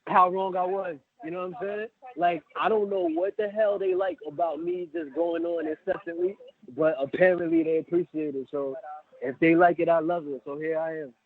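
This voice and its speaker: A man who is a guest on a podcast, telling stories in casual chat and acting out quotes with lively energy. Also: fairly high pitch, moderate pace. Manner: animated storyteller, acts out quotes. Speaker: guest, battle rap event host. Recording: tinny phone-like line.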